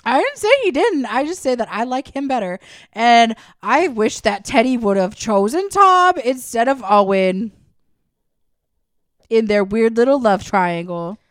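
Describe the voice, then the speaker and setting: A woman's voice: on the high side, lively intonation, unhurried, studio quality. A young woman co-hosting a comedy podcast in casual chat, teasing and echoing her friend. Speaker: podcast co-host.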